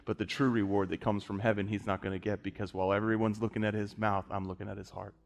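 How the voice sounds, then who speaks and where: A man's voice: fairly low pitch, level tone, quick pace, gravelly. A man preaching an impassioned sermon, pressing his points with repeated phrases.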